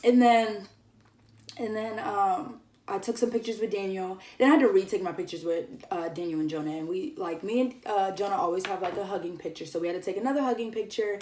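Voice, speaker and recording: A woman's voice: mid-range voice, brisk, darkish tone. Chatty giggly young woman in an echoey room. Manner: chatty, giggly, full of fillers like "like" and "um". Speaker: vlogger. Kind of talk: casual storytime chat. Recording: echoey room, somewhat far from the mic.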